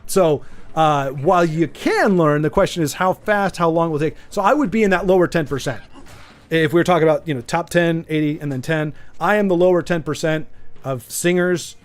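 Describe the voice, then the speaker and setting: A man's voice: on the high side, a little fast, soft background music. Rambling, stammering male streamer. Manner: rambling, stammers and repeats words; reads viewer chat aloud and teases. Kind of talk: casual chat while gaming.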